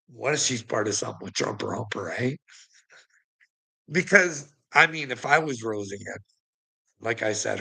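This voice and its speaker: A man's voice: fairly low pitch, vocal fry, pushed and bright, husky. A man vlogging in a casual, rambling, profane rant, laughing often between his lines.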